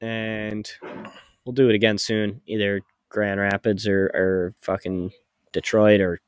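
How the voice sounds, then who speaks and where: A young man in a laid-back podcast chat, mid-pitched and easygoing, who swears casually and laughs often. His voice sounds dry and close, with no room around it. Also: level tone, unhurried, smooth, no room sound. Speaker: podcast co-host.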